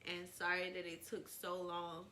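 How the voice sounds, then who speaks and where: A woman's voice: fairly low pitch, monotone, a little slow, pushed and bright, a little hiss or hum. A young woman vlogger telling a casual, rambling story, with many "like"s.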